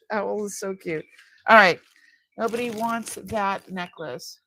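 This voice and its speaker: A woman's voice: medium pitch, slow, pushed and bright. A middle-aged woman hosting a live jewelry sale, chatting casually with her viewers, often laughing and trailing off mid-sentence. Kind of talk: casual live-stream chat.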